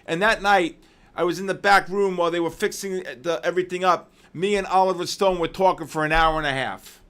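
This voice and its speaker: A man hosting a live trading session, excitedly shouting out viewers' names with heavy market jargon, then dropping to weary muttering over questions. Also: fairly quick, clear, resonant tone. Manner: drops to low, weary muttering while reading questions. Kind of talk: live trading-stream commentary.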